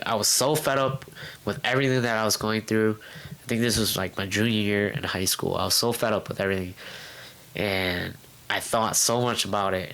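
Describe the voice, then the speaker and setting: Candid young man, low voice. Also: sharp tone, poor audio. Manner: candid, halting, many fillers and restarts; acts out his past self in quoted outbursts. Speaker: guest. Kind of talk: casual interview storytelling. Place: home room.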